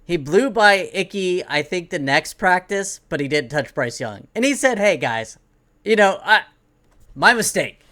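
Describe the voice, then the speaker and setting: Male podcast co-host, slightly high voice, chatty, halting delivery full of "like"s. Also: lively intonation, pushed and bright. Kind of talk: casual sports podcast chat.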